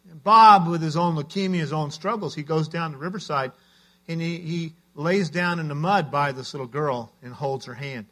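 A man's voice: on the high side, normal speed, a bit bright. A man preaching a sermon as a pastor, telling stories in an earnest way.

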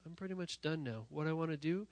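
A man preaching a sermon to young people in a church, talking while sick, emphatic and direct, often repeating phrases and swinging from loud to quiet. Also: a little high, animated, fast, no room sound. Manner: emphatic, rising to near-shouting then dropping quiet; repetitive, direct address to the audience. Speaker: youth pastor.

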